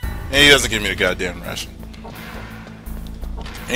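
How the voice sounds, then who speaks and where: A young man giving excitable, profane commentary while playing a video game, talking back to the characters on screen. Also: fairly low pitch, a little slow. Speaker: gameplay commentator. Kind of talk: let's-play commentary. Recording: game music behind voice.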